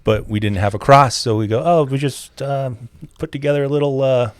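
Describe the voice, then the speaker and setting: A man's voice: mid-range voice, brisk, clean tone, dry recording. A man talking in a casual podcast conversation, explaining his work step by step and telling stories with a laugh. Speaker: forensic interviewer, podcast guest.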